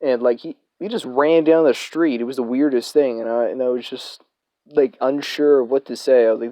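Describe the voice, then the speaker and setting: A man's voice: medium pitch, steady tone, normal speed, dark tone, no echo. A young man telling a casual storytime, rambling and swearing with lots of fillers. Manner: rambling, profane, filler-heavy.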